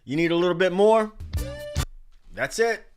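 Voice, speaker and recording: A man in his forties hosting a casual livestream, reading chat names aloud in an animated way. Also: high-pitched, measured pace, faint music behind. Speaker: livestream host.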